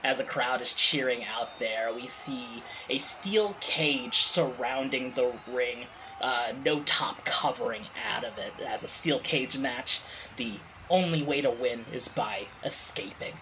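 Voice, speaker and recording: A man narrating as game master of a tabletop game, describing scenes slowly and laughing often. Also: mid-range voice, background noise.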